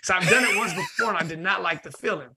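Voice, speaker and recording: Male guest, high bright voice, lively storyteller. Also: fast, slightly rough. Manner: lively, laughs often, acts out voices. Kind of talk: animated storytelling in conversation.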